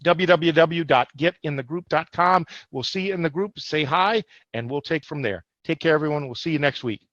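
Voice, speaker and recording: A man's voice: a little high, moderate pace, hardly any pauses, a bit bright, no room sound. A man co-hosting a motivational online business webinar, emphatic and forever checking in with "all right?". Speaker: co-host. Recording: dull lo-fi livestream audio.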